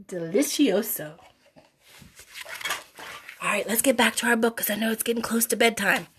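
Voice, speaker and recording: A woman hosting a live children's story reading, with chatty, animated asides to her young viewers. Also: fairly high pitch, normal speed, a little hiss or hum. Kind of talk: live read-aloud for children.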